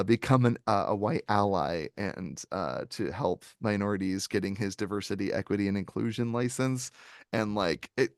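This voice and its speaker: A man's voice: fairly low pitch, smooth, dry recording, studio quality. A man co-hosting a movie review podcast, telling long stories in casual chat with many fillers and restarts. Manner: rambling, animated storytelling with frequent fillers. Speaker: podcast co-host.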